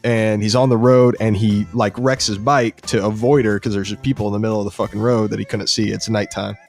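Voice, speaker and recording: A young man hosting a podcast, excitedly retelling a show episode in casual, profane chat. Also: on the low side, a little fast, creaky, faint music behind. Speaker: podcast host.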